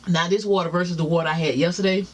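A woman's voice: fairly low pitch, steady tone, racing, a little hiss or hum. A woman vlogging a mukbang from home, chatting casually to her viewers as she eats. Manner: chatty, talks straight to viewers, religious exclamations. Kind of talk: casual chat while eating. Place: home, seated in a chair.

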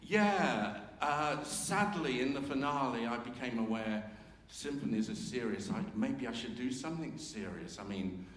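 A man's voice: medium pitch, expressive, normal speed, hardly any pauses, fairly bright tone. Older man, composer talk to a concert crowd, hums themes, dry self-mocking humour, long hall reverb. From England. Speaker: composer introducing his symphony. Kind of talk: informal talk to a concert audience. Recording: roomy hall reverb, faint ambience.

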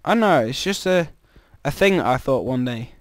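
A man's voice: medium pitch, animated, normal speed, no room sound, clean studio sound. A man giving rambling, chatty commentary while playing a game, breaking into startled exclamations. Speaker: gamer. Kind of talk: casual gameplay commentary.

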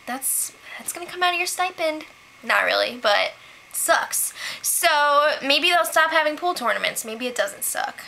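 A woman hosting a casual recap video, chatty and sarcastic, often giggling through quick asides. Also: sits high, lively intonation, gravelly, sharp tone, slight background noise. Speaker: host recapping a reality show.

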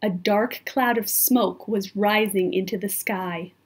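A woman's voice: mid-range voice, fairly even intonation, takes it slowly, husky. A woman reading a children's book aloud expressively, sometimes turning to talk directly to the listener. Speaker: storyteller.

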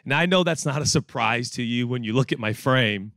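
A man in his forties preaching a sermon, telling stories and joking with the congregation in an animated way. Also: mid-range voice, fairly quick, dry recording, studio quality. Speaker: pastor. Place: church auditorium with audience.

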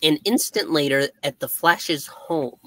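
A woman's voice: deep voice, unhurried, a bit bright, no room sound. A woman narrating a comic aloud as co-host, with amused, giggly asides. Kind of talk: reading a comic aloud with banter.

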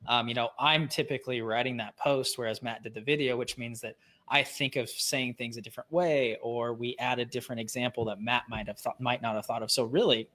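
A man's voice: medium pitch, steady tone, fairly bright tone. A man co-hosting a live online lesson in casual chat, acting out quoted reactions. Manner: fast, chatty, acts out quoted reactions. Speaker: co-host.

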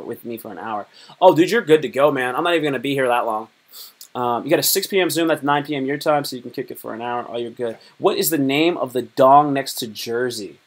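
A man from Virginia chatting casually on a live stream, joking and rambling in a loose, slangy way. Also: medium pitch. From Virginia, United States.

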